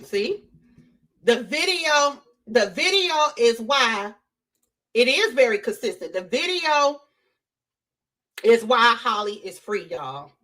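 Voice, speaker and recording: A woman hosting a casual live-stream, talking straight to her chat in an animated way and repeating her points for emphasis. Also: fairly high pitch, slow pace, pauses often. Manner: animated, repeats herself, addresses chat directly. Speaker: livestream host.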